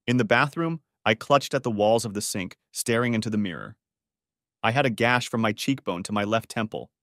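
A man's voice: lowish voice, expressive, fairly quick, a bit bright, dry recording, clean studio sound. A man narrating a first-person story as an audiobook, reading it dramatically.

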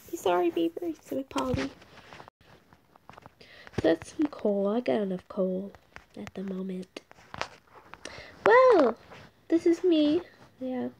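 A woman's voice: a little high, very animated, slow pace, vocal fry, pauses often. A young woman casually narrating her gameplay, rambling and a little awkward, often dropping to a whisper. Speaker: game vlogger. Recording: noisy home recording.

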